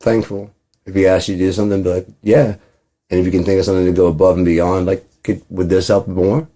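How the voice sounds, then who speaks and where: A man's voice: low-pitched, little pitch movement, fast, mellow. A man rambling in a casual monologue, profane, acting out both sides of imagined conversations. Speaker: channel host.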